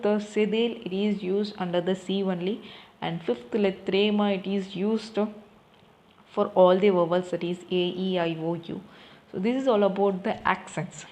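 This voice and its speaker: A woman's voice: medium pitch, a little mellow. Woman teaching French, spelling out letters. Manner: slow and repetitive, spelling letters one by one and asking questions she answers herself. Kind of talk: recorded classroom lesson.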